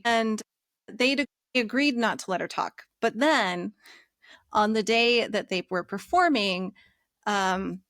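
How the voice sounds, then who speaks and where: A woman's voice: mid-range voice, dry recording, clean studio sound. A woman middle school teacher being interviewed, telling a classroom story and acting out the dialogue in it. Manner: animated, acts out dialogue in her story.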